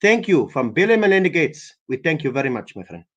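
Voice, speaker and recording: A man putting on a higher voice as an eager, overly formal prank caller who keeps saying "my friend". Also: big pitch swings, a little fast, a bit bright, dull audio. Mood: polite.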